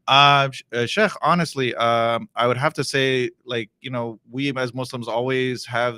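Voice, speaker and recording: A man from the Toronto area, a local preacher talking as a guest, animated and repeating words for emphasis. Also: mid-range voice, moderate pace, few pauses, clean tone, no room sound. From Canada (Toronto area). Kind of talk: casual interview.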